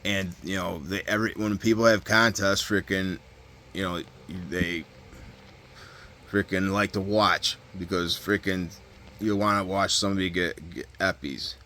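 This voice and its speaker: A man's voice: low voice, fairly even intonation, a little slow, pushed and bright, a little hiss or hum. A man telling a story from prison in a casual, rambling way, full of fillers, restarts and swearing. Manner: rambling, heavy fillers and profanity, frequent restarts. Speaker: vlogger recounting prison stories.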